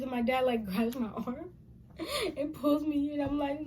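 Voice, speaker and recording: A young woman telling a story from her childhood, dramatic and animated, acting out her own scared voice. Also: high-pitched, measured pace. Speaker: storytime vlogger.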